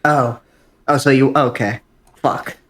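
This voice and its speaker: A man in a tabletop game, joking loudly and cursing freely. His voice sits at an ordinary pitch. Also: steady tone, slow. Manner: boisterous, swears a lot. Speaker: player. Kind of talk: casual tabletop banter.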